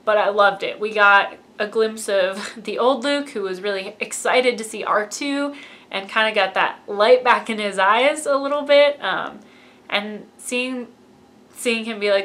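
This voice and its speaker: A woman's voice: medium pitch, measured pace, fairly bright tone. A woman giving a casual, gushing fan review of a film and acting out lines from it. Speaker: movie reviewer.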